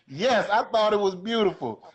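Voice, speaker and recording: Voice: mid-range voice, breathy edge, lo-fi sound. A caller joining a live chat, teasing and profane in joking banter.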